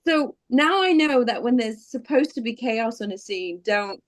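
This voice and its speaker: A British actress telling stories in an animated, casual interview over a video call, acting out the voices she quotes. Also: fairly high pitch, normal speed.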